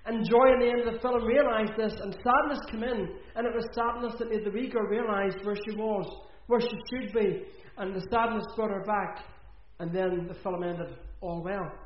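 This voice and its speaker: A man's voice: high-pitched, fairly even intonation, moderate pace, hardly any pauses, slight background noise. A man preaching an earnest sermon in a church, repeating phrases for emphasis. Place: church hall. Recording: echoey, dull church recording.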